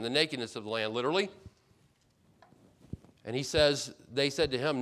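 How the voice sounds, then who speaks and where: A man's voice: mid-range voice, animated, brisk, a bit bright. A man preaching an expository sermon as pastor, earnest and emphatic, repeating key points and often restarting mid-phrase.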